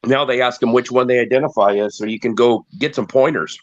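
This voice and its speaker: A man's voice: medium pitch, brisk, no echo. Sick man with crude jokes, lo-fi. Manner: crude joking. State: sick, congested. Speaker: panel participant. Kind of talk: casual online panel chat. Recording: dull lo-fi sound.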